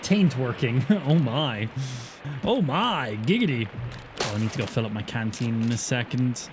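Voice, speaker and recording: A man's voice: mid-range voice, lively intonation, normal speed, over music. An Irish man chatting casually and cursing freely while he streams gameplay and jokes around. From Ireland. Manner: chatty, profane, joking.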